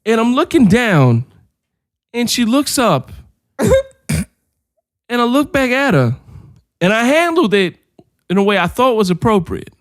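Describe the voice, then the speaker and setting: A man co-hosting a podcast in casual chat, an animated storyteller who swears freely. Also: very high voice, takes it slowly, long pauses, no room sound, clean studio sound. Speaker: podcast co-host.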